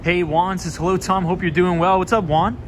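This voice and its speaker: A man hosting a relaxed live stream as he walks through busy city streets, talking in a fairly high voice. He chats and answers viewer comments in an easygoing way. Steady street traffic noise sits clearly behind his voice. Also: a little fast. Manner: chatty, reads viewer comments aloud and answers them. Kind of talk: casual live-stream chat.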